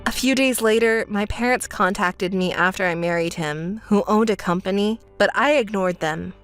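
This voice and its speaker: A woman's voice: medium pitch, moderate pace, a bit bright, clean tone, soft background music. A young woman narrating a dramatized texting story in a cold, firm manner.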